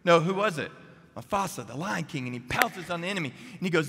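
A man preaching a chapel sermon, energetic and humorous, who keeps putting questions to the crowd. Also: on the high side, fast talker, background noise. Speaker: guest preacher. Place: seminary chapel. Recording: echoey chapel hall.

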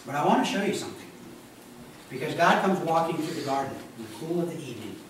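A man giving a sermon as pastor, animated and joking in a conversational way. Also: a little high, fast talker, a little hiss or hum. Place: church sanctuary. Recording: echoey church hall from a distance.

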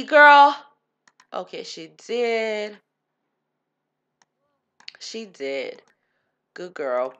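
A woman's voice: mid-range voice, fairly bright tone. A woman giving casual gameplay commentary, chatty and giggly, talking to her game characters as she plays. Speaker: gaming channel host.

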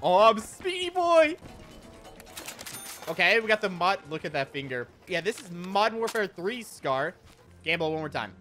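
A man giving casual gameplay commentary, excitable, often swearing and laughing at surprises. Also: sits high, brisk, soft background music. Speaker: gaming YouTuber.

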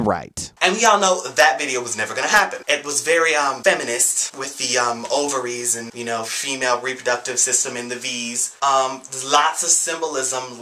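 A young man casually answering viewer questions on his vlog, animated and sarcastic with quick jokes. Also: mid-range voice. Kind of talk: casual chat. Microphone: flip camera.

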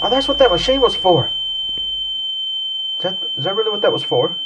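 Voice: medium pitch, wildly swooping pitch, fairly quick, distant mic, very noisy. A gamer giving let's-play commentary on a horror game, pleading and laughing nervously at the scares.

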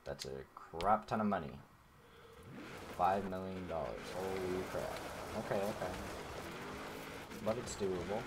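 A man's voice: deep voice, a little slow, long pauses, noisy background. A man casually commenting over gameplay as a gaming YouTuber, rambling and chatty with many fillers, talking straight to his viewers. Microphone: desk microphone.

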